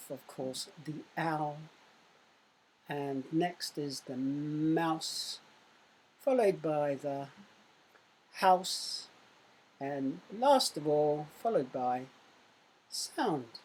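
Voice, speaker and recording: A woman teaching a recorded primary school lesson. She speaks clearly and raises her voice to show exclamations. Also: sits low. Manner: slow, clear teaching voice that loudly acts out exclamations.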